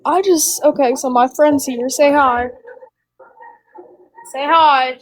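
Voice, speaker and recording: High-voiced rambling teenage girl. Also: steady tone, takes it slowly, no echo, poor audio. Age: late teens. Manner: rambling, slangy, swears freely. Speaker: caller. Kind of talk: casual chat.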